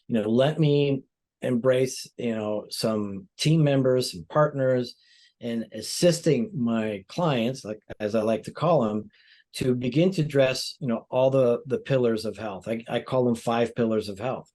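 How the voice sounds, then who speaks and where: Man explaining at length, measured. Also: mid-range voice, a little mellow. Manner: explanatory, measured, frequent "you know" fillers. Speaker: plastic surgeon guest. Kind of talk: interview answers.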